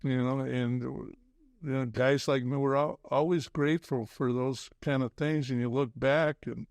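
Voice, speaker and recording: An older man, a former basketball coach, talking as a podcast guest in a halting way, full of restarts and "you know". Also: mid-range voice, steady tone, a little mellow, no echo, clean studio sound. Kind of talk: casual interview chat.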